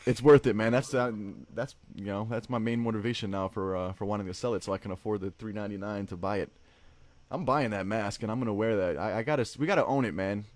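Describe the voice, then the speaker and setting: A male host talks his way through a casual livestream with rambling, jokey banter. His voice sits a little low, and he keeps tacking "man" onto his lines and breaking into laughter. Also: quick pace, darkish tone, no echo.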